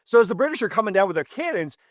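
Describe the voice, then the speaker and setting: Male history host, casual storyteller, a touch high, dry close sound. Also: racing, no room sound. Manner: lively storyteller, repeats words for emphasis.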